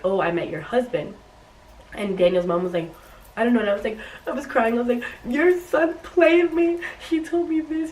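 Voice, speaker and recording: A young woman tells a story for her vlog, bouncing between voices as she quotes people. Her voice has a middle pitch. The sound is roomy and a little distant, with faint noise behind it. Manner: animated retelling, acts out quotes. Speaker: YouTuber.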